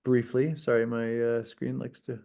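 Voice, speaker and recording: A man's voice: medium pitch, little pitch movement, normal speed, mellow. A man hosting a safety talk over a video call, thanking a guest in an easygoing, slightly rambling way. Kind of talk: casual moderating.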